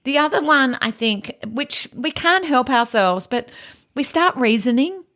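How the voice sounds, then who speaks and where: A woman with an Australian accent hosting a teaching podcast, giving practical advice in a calm, soft, low-key way. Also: a little slow. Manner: practical advice, frequent "you know". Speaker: podcast host and educator.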